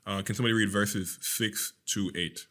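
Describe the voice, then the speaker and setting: A man's voice: on the low side, fairly even intonation, normal speed, sharp tone. A young man co-hosting a casual scripture podcast, laughing often and acting out quotes in funny voices. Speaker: podcast co-host.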